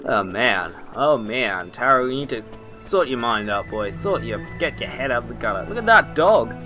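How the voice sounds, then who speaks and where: A man's voice: medium pitch, animated, moderate pace, poor audio. A man giving joking, self-mocking let's play commentary over a game, with game music behind. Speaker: gameplay commentator.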